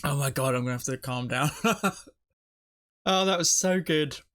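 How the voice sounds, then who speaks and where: A man's voice: fairly high pitch, moderate pace, a bit bright. A man hosting a TV reaction video, talking casually and emotionally as he thinks aloud, often restarting his sentences. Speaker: TV reaction channel host.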